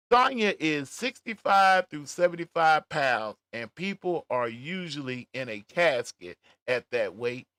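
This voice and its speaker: A middle-aged man hosting a casual livestream, reading chat comments aloud with laughter and drawn-out emphasis. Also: on the high side, bright, forceful tone, dry recording. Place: at home, smoking a cigar.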